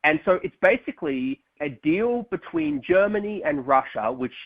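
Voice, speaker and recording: A male political reporter, a podcast guest, explaining policy in a measured way. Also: on the high side, animated, phone-quality sound. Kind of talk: explanatory interview answers.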